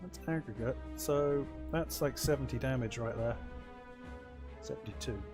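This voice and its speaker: A man with a mid-range voice talks through a strategy game, half to himself, weighing each option aloud. His humour is wry and self-deprecating. Faint game music plays quietly behind him. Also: medium pitch, normal speed. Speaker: let's play host. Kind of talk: casual gameplay commentary.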